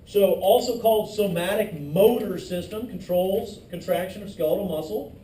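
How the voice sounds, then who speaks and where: Male instructor, higher pitch, mellow tone, joking lecture style, echoey room, distant mic. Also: normal speed. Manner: loose, joking asides to students. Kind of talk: classroom lecture. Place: classroom. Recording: echoey classroom from far off, faint noise.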